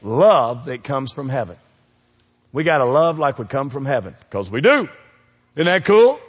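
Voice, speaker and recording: A man preaching a sermon, asking the congregation to call out the missing words and swinging between loud peaks and quiet asides. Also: medium pitch, very animated, moderate pace, husky. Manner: call-and-response preaching, asks the crowd to fill in words. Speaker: pastor. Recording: long reverb of a church hall.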